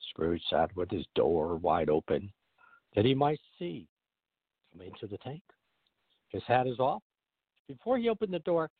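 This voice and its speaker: A man reading a story aloud with a lively, swooping pitch that keeps the narration moving. His voice comes through a narrow, tinny phone line, close and dry. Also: slightly rough, dry recording. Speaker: radio show host reading aloud.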